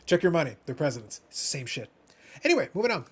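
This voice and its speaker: A Canadian man chatting on a live stream, reading viewer comments and answering them with dry, teasing sarcasm. His voice sits a little high and swings widely in pitch. He drops to a mutter, then rises to mock-dramatic outbursts. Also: very animated, fairly quick, husky. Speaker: co-host reading chat. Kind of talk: casual live-stream chat.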